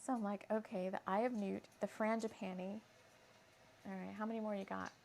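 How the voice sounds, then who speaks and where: A woman's voice: mid-range voice, flat delivery, fairly quick, vocal fry, a little mellow, a little hiss or hum. A woman hosting a casual spiritual craft session, chatty and giggling often as she repeats her ingredient list aloud. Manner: giggly, laughs often mid-sentence. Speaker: host.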